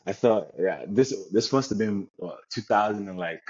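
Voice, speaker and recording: Deep-voiced young man, relaxed storyteller. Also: moderate pace, husky, dull audio. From Nigeria. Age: young adult. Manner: relaxed storytelling with many restarts. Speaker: guest, American football player. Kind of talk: casual interview chat.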